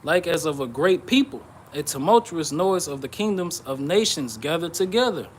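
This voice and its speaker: A man giving an informal sermon on prophecy, reading scripture aloud and explaining it, often checking in with "okay?" and "all right?" and pausing with "uh". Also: on the high side, expressive, slight background noise. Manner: pauses with "uh" and restarts. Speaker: bible teacher.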